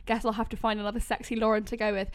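A woman co-hosting a casual chat podcast, telling stories quickly and laughing often. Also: on the high side, flat delivery. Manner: quick, giggly storytelling. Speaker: podcast co-host.

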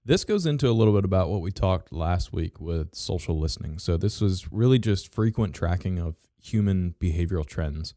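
A man with a low, mellow voice talks through marketing tips as co-host, stumbling over restarts and fillers as he goes. His delivery is casual, with the odd dry sarcastic aside. The sound is close and dry. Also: lively intonation, dry recording. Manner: halting, many fillers and restarts. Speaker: podcast co-host. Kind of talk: casual business chat.

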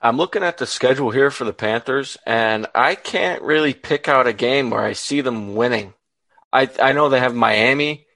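A man co-hosting a casual sports betting talk, laying out his picks in a measured, methodical way. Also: medium pitch, bright, forceful tone, no echo. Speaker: podcast co-host.

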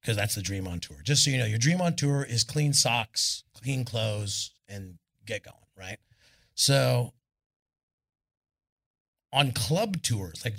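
A man's voice: on the low side, vocal fry, a bit bright, husky. A man guest telling loose, profane road stories on a live stage, talking into a stage microphone. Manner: loose, profane anecdotes with lots of "I'm all". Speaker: guest musician. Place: arts club stage, indoors.

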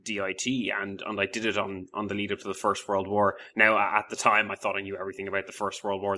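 A man hosts a podcast in casual conversation, rambling and self-deprecating with lots of restarts. His lowish voice sounds pushed and bright.

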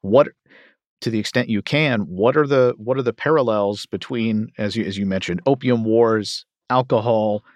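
A man interviewing a guest, asking measured, deliberate questions. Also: lowish voice, no echo.

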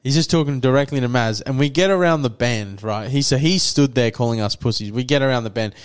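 A man's voice: mid-range voice, a little fast, smooth. Young man, podcast co-host, rambling storyteller, acts out quotes. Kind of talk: casual chat, telling a story.

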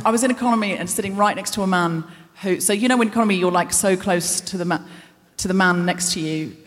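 Casual woman podcast host riffing nervously at herself, stage mic in a big reverberant concert hall. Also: mid-range voice. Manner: anxious self-deprecating rambling. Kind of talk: live stand-up monologue.

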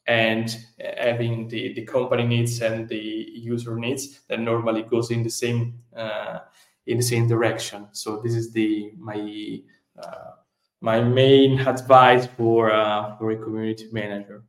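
A man with an Italian accent talks as a podcast guest. His English comes slowly, with frequent "uh" pauses. The room around him sounds echoey and open. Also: medium pitch, level tone. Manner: hesitant, many "uh" fillers. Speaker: guest, community manager. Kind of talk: podcast interview.

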